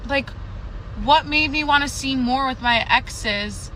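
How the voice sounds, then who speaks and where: A woman's voice: sits high, slow pace, pushed and bright, slight background noise, rough recording. A woman talking to camera in a personal vlog, frustrated and emotional, with lots of hesitant fillers.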